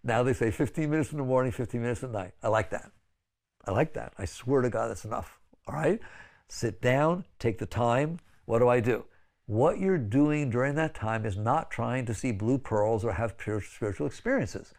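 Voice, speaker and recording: Older man, spiritual teacher; gravelly, animated delivery full of "right?" asides and coaxing pleas. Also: normal speed. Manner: conversational, pleading, frequent "right?" asides; sudden high exclaiming bursts when acting out others. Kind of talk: spiritual lecture.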